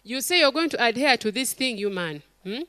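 A woman's voice: on the high side, a little fast, clear, resonant tone, no echo. A middle-aged woman, preaching a sermon to a congregation and acting out stories and quotes. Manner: animated storytelling, acts out quotes, calls to the congregation.

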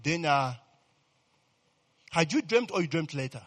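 A man preaches with a lively, high voice that has a husky edge, tossing questions at his listeners and answering them himself. He keeps checking in with the room and swells into loud exclamations of praise. The sound carries a long echo, as from a large hall, with faint music underneath. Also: measured pace. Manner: call-and-response, rising to loud exclamations; asks the congregation questions and repeats "eh?". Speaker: pastor. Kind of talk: sermon.

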